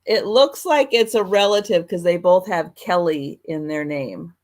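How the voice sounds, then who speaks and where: A woman hosting a live online sale of old photos, talking in an unhurried, gentle and kind way. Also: fairly low pitch. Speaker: host and seller of old photos.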